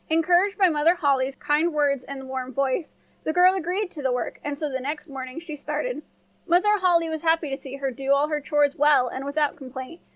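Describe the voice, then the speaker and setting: A woman storyteller reading a fairy tale in a gentle, clear voice that sits high. The sound is close and dry, with no room around it. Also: no echo, low-quality recording. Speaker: storyteller, podcast host. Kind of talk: scripted storybook narration.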